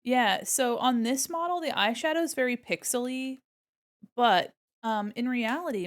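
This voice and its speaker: A woman's voice: a little high, lively intonation, normal speed. A woman streamer chatting casually with her viewers while drawing, laughing and humming to herself.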